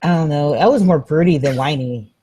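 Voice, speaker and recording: Blunt wry woman with a low voice. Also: a little fast, mellow, husky, poor audio. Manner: blunt, wry, swears casually. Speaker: co-host of a book show. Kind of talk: casual chat.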